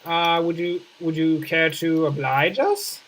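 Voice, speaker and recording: A man putting on the voices of fussy, easily panicked shopkeepers in a city-building game, prim and polite at first, then shrill. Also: a little slow, a bit bright.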